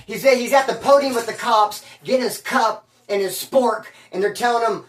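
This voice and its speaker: A man who served time telling prison stories in a casual, slangy, animated streetwise way. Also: very high voice, normal speed, far from the mic. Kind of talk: casual storytelling. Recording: roomy sound from away from the mic.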